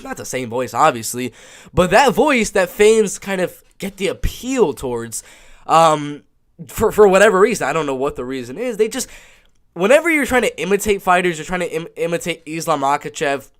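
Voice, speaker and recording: A man hosting a casual reaction video, rambling and stammering as he repeats himself. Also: high-pitched. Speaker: YouTube reaction host.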